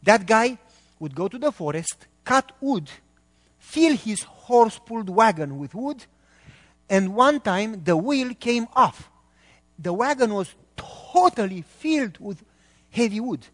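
Guy preaching, pitched high, keeps asking the congregation stuff, echo rings long like a big church hall. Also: a bit bright. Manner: emphatic, quizzes the congregation with questions. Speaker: pastor. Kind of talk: sermon.

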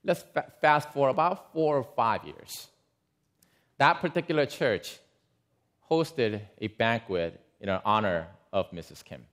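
A man preaching a sermon, telling an illustration in a lively way with asides to his listeners. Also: medium pitch, a little slow. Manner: lively, animated storyteller with asides to the congregation. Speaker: pastor. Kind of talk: sermon storytelling.

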